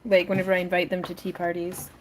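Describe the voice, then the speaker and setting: A woman's voice: on the low side, monotone, fast, background noise. A woman hosting a casual craft livestream, chatting with viewers and her pets while she works, laughing often.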